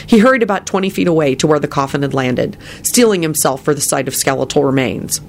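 An animated reader telling a fantasy story, with the pitch rising and falling a lot through the telling. The voice has a gravelly edge, and a faint hiss of noise sits under the recording. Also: fast talker. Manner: expressive storytelling. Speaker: narrator. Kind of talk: reading fan fiction aloud.

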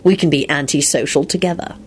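A woman's voice: deep voice, fast, darkish tone, a little hiss or hum, natural voice. A woman doing a wry teasing male wizard. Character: wry stubborn grown man, a wizard, teasing.

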